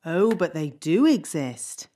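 A woman's voice: low voice, very animated, slow pace, mellow, heavily acted. A woman voicing a bossy, fussy fairy nanny in a cartoon, with a matter-of-fact, sing-song way of talking. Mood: knowing. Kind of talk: cartoon voice acting.

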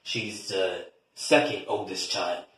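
A man's voice: low voice, steady tone, takes it slowly, a bit bright, recorded from a distance. A man playing a defensive, foul-mouthed father in a comedy skit. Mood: sheepish. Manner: profane, defensive. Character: sheepish foul-mouthed middle-aged father. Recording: echoey room.

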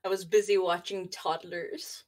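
A woman's voice: fairly low pitch, steady tone, measured pace. A woman playing a tabletop game, giggly and playful. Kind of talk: casual game chat.

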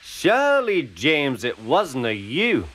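A man's voice: mid-range voice, wildly swooping pitch, slow pace, a bit bright, pitched above the performer's own voice, full character voice. A man voicing a teasing male steam engine. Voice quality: teasing, sly.

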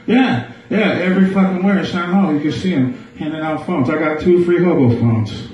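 A man's voice: a little high, a little fast, a little mellow, far from the mic, highs cut off. A man doing a crude live stand-up set in a small bar, riffing with the crowd. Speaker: stand-up comedian. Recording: echoey bar, mic heard from afar.

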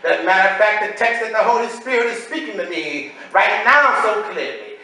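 A woman delivers a sermon in call-and-response style, repeating her lines and building to shouts. Her voice is bright and forceful. It echoes heavily around a church hall, picked up from far off. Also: mid-range voice, animated, brisk. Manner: repetitive call-and-response preaching, rising to shouts. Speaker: preacher. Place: church sanctuary.

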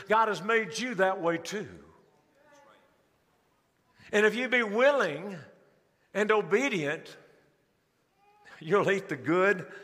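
Male pastor, sermon, high pitch, long reverberant church hall. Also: a bit bright. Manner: preaching with rising emphasis and slowed, stressed phrases. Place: large church sanctuary.

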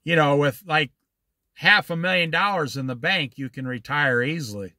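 In a clean, dry studio recording, a middle-aged man with a slightly high voice leads an informal Bible study. He tells stories in a folksy, animated way, leaning on slow, emphatic stresses.

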